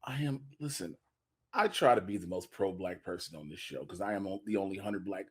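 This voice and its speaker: A man's voice: low voice, fairly quick, husky. A man co-hosting a podcast in emphatic, wry casual chat. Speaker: podcast co-host.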